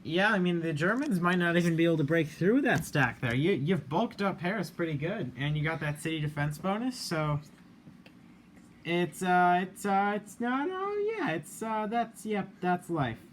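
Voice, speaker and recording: A man's voice: high-pitched, expressive, normal speed. Chatty hesitant male game host. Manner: hesitant, many fillers, laughs often. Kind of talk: hosting a strategy game round-up. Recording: light background noise.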